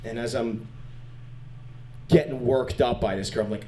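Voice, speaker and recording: A man doing stand-up comedy on a club stage, animated and crude, chatting with the crowd. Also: mid-range voice, a little slow, long pauses, a little hiss or hum.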